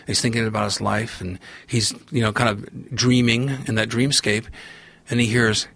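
A middle-aged man, a podcast guest, telling a long story in a rambling, animated way and acting out the voices he quotes. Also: mid-range voice, moderate pace, creaky, dry recording. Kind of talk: storytelling in a long-form interview.

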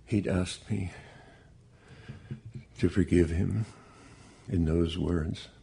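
A bereaved father giving personal testimony, speaking in a slow, measured, deeply earnest way with a gravelly, husky voice. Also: fairly even intonation, warm tone.

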